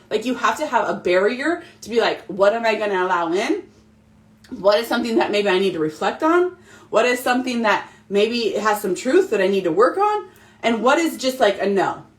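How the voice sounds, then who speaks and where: A woman in her thirties, a mom talking casually and animatedly to her followers, emphatic and repetitive. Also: fairly high pitch. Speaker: mom vlogger. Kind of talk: casual motivational monologue.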